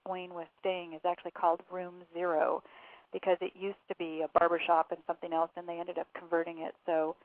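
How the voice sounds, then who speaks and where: A woman's voice: lowish voice, completely flat delivery, fairly quick, dry recording. A woman author recounting events in a phone interview, with fillers and quoted dialogue. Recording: tinny phone line.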